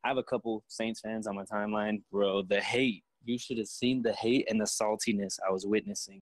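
A young man in casual sports chat, relaxed and slangy as he tells stories. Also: lowish voice, brisk, dry recording, low-quality recording.

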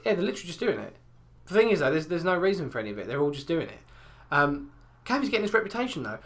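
A man's voice: on the high side, sing-song, racing, a bit bright. A man, talking in an easy, rambling chat. He swears a lot and winds himself up, now and then mimicking others in put-on voices. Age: 20s. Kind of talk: casual chat.

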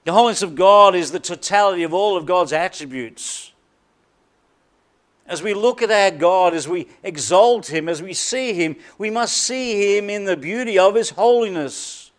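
A man with a high voice preaches a sermon from the pulpit. He leans hard on repeated words and lets key phrases sink to a near hush before rising again. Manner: emphatic preaching with deliberate repetition and dramatic drops in volume. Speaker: pastor.

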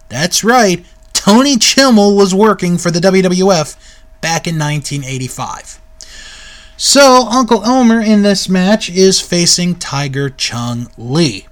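Chatty guy going over an old wrestling tape, high lively voice, takes his time. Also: slow. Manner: chatty, laughs at the footage, mimics the people in it. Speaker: wrestling history reviewer. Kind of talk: casual recap of an old tape.

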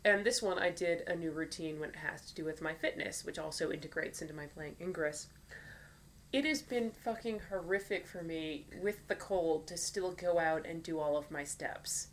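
A woman's voice: low voice, moderate pace, a little hiss or hum. Blunt woman with a cold. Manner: blunt, swears casually. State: stuffy from a cold. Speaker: podcast co-host. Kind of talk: casual chat.

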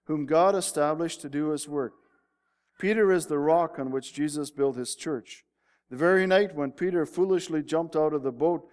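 A man preaching a sermon, reading a story aloud and building to emphatic peaks. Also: a little high. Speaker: pastor. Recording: long hall reverb.

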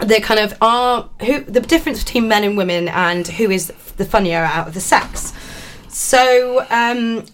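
A woman co-hosting a comedy chat, bantering, laughing often and trailing off with ums. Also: medium pitch. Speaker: comedy podcast co-host.

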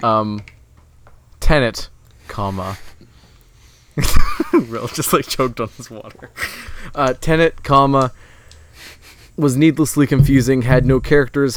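Young man, teasing co-host, mid pitch, dry close sound. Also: smooth, no echo. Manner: teasing, quick quips. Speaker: podcast co-host. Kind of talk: casual chat.

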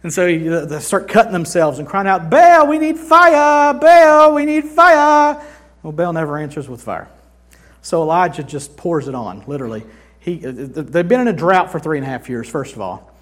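A man preaches in a slightly high voice, mixing chatty humor with dramatic storytelling. He swings between booming declarations and hushed, intimate asides. The delivery is that of a sermon with a conversational feel. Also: brisk, breathy edge. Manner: dramatic, acts out scripture scenes with big swings from loud to hushed. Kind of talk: sermon teaching.

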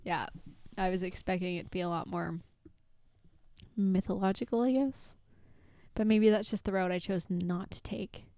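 A woman's voice: mid-range voice, steady tone, moderate pace, long pauses, warm tone, no room sound, clean studio sound. A woman co-hosting a comedy podcast who chats casually, rambles and laughs often. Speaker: podcast co-host.

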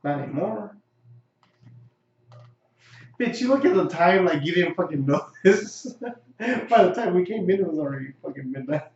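A man's voice: sits high, expressive, moderate pace, long pauses, darkish tone, reverberant, muffled recording. A man in a casual chat, teasing his friend with crude jokes.

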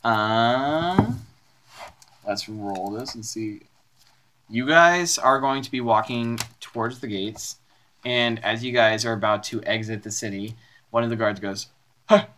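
A man's voice: mid-range voice, measured pace, fairly bright tone. Man running a tabletop game. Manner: playful, laughs while narrating. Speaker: game master.

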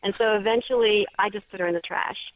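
A woman's voice: mid-range voice, fairly even intonation, fast talker. A woman guest on an interview show, telling a personal story in a chatty way with small restarts. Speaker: guest, paranormal story writer. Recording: dry, slightly dull lo-fi sound.

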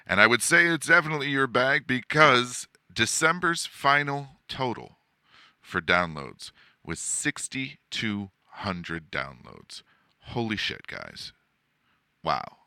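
A man's voice: mid-range voice, big pitch swings, takes it slowly, pushed and bright, dry recording, studio quality. A man hosting a podcast in casual chat, loose and profane, rambling with fillers while seated at his desk. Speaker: podcast host. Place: home setup, seated in a desk chair.

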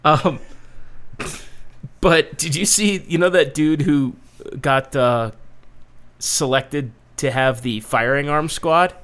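A man's voice: on the high side, slow, fairly bright tone, clean tone. A man co-hosting a casual tech podcast, chatting loosely with a lot of swearing and mocking voices. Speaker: podcast co-host. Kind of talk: casual profane banter.

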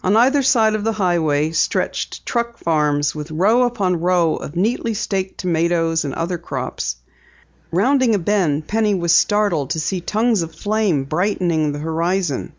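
Audiobook narrator, mid pitch, measured reading, dull lo-fi recording. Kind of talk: scripted narration.

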